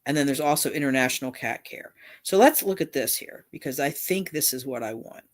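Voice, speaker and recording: This is a middle-aged woman hosting a relaxed livestream, and her voice sits low. She rambles from one point to the next, breaking off and restarting her sentences as she goes. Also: a little fast. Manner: rambling, with frequent restarts and asides. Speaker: channel host. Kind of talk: casual livestream commentary.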